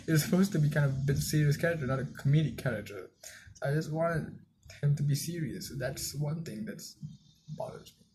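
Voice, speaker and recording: A man's voice: a little high, moderate pace, noisy background. A young man giving a casual spoken film review, rambling loosely with lots of fillers and restarts. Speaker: movie reviewer.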